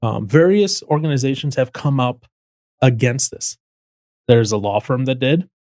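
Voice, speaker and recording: A man's voice: mid-range voice, moderate pace, a little mellow, no room sound. A man hosting a casual political talk, explaining things step by step with frequent restarts. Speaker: podcast host.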